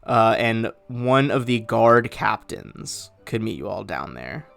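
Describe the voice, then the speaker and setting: A man running a tabletop game as game master, talking in a relaxed, rambling way with many fillers. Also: lowish voice, slow, creaky, soft background music.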